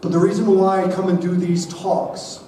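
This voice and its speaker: A man in his forties with a high voice gives a lively keynote talk to parents, pulling the crowd into call-and-response. His voice rings around a roomy hall as if heard from some way off, over a faint murmur of room sound. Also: normal speed, far from the mic, slight background noise. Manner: energetic, leads the audience in call-and-response. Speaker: keynote speaker at a school parent night. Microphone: body-worn mic.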